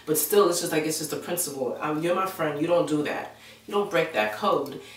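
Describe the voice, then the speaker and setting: A woman's voice: low voice, brisk. Chatty woman telling a story in an echoey room. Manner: animated and chatty, acts out quoted voices, fills gaps with "blah blah" and "da da da". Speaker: vlogger. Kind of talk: casual personal storytelling. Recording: echoey room, mic at a distance.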